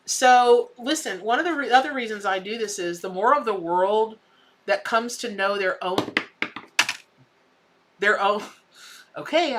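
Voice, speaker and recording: A woman's voice: mid-range voice, sharp tone. A middle-aged woman with a Southern US accent, giving effusive, folksy tarot readings on a live stream and calling viewers honey and baby. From American South. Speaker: tarot reader hosting a live charity stream.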